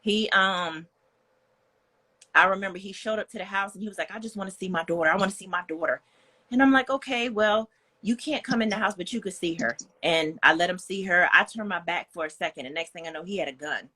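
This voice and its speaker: Bright-voiced young woman telling her story. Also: mid-range voice, a little fast. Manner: earnest and frank, heavy on fillers like "like" and "you know". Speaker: guest. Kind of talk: candid personal storytelling.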